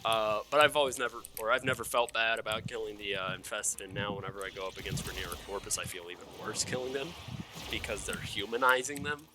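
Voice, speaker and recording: An excitable young man whose voice is very bright and cutting. He swears freely and keeps tripping over his own words in a loose, rambling stream of gaming talk. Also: on the low side, fast. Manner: excitable, swears a lot, with frequent fillers and self-corrections. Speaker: gaming video creator.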